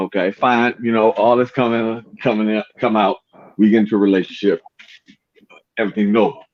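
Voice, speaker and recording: A man's voice: lowish voice, fairly quick. A man chatting casually and telling personal stories, acting out the voices of people in them. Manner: animated storyteller, acts out voices in the story. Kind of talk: casual chat, storytelling. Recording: dull lo-fi sound.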